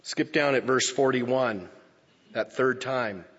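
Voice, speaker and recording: A male pastor preaching a sermon, slow and emphatic, swinging from loud declarations to hushed near-whispers. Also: mid-range voice, husky. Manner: slow, emphatic phrasing with pauses. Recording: lo-fi with long hall reverb.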